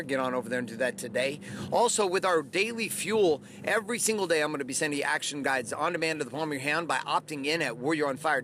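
A man's voice: on the high side, bright, forceful tone, slight background noise. A man hosting a podcast, talking in an emphatic, candid motivational monologue and swearing freely. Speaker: podcast host.

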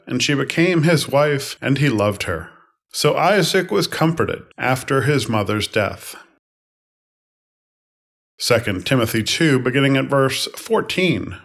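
A man reads scripture aloud in a calm, steady voice of middling pitch. His phrasing is even and unhurried, with each line set apart. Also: vocal fry. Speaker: scripture reader. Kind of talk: measured scripture reading.

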